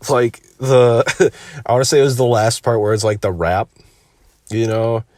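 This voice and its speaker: A man's voice: mid-range voice, fairly even intonation, unhurried, darkish tone, no room sound, clean studio sound. A young man casually telling a story in a rambling, laid-back way, swearing often and leaning on "like.".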